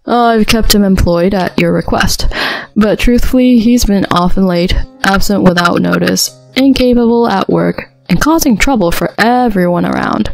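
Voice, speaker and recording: A woman doing a disdainful male company boss in a storybook tale, measured and cold as he lists faults. Soft music plays behind. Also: medium pitch, vocal fry, lightly acted, rough recording.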